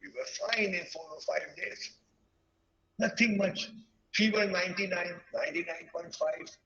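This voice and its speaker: A man in his sixties from India, giving an earnest, reflective lecture to teachers and pausing often mid-sentence. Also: high-pitched, gravelly, sharp tone, dull audio. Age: 60s. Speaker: guest speaker at a teachers' webinar. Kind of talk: lecture-style talk.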